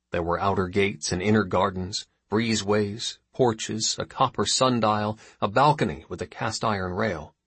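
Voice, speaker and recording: A man reading a novel aloud as narrator, steady and measured. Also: fairly low pitch, breathy edge, no room sound. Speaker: audiobook narrator. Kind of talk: scripted narration.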